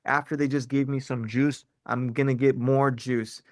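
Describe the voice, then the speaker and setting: A man runs a sales training call in a loose, bro-ish way, tagging "right?" and "man" onto nearly every point. His voice sits at an ordinary middle pitch. The sound is dry and close, with no room echo. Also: flat delivery, normal speed. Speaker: sales coach.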